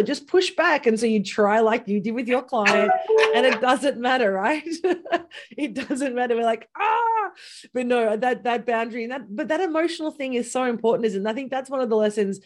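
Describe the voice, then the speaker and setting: A woman coach in a casual chat, animated, acting out quoted dialogue and laughing often. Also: fairly high pitch. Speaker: business coach.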